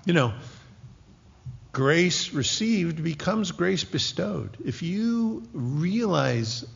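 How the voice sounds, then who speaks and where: A man in his sixties preaching a sermon, joking lightly at first and then dropping to a hushed, whispered intensity. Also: fairly high pitch, extremely slow, vocal fry, slightly rough. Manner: animated, jokey asides that drop to hushed, whispered intensity. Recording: dull lo-fi recording with long hall reverb.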